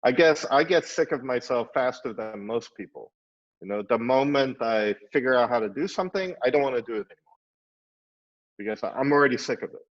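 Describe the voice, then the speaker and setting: A man's voice: medium pitch, expressive, brisk. A middle-aged man, an architect and teacher, thinking aloud in a panel discussion, full of "uh"s and "you know"s. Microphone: video call. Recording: dull lo-fi online call audio.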